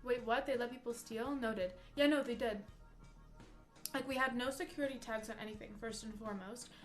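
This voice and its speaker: A young woman livestreaming from home, telling a story in a chatty, animated way full of "like" while reading chat. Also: fairly high pitch, a little fast, soft background music. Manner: chatty, animated, peppers speech with "like".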